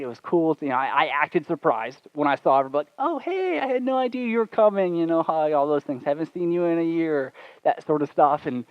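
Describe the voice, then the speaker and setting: A man pastor telling a story in a sermon at church, animated and poking fun at himself. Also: a little high, no echo. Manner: animated, self-deprecating humor. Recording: dull, dry sound.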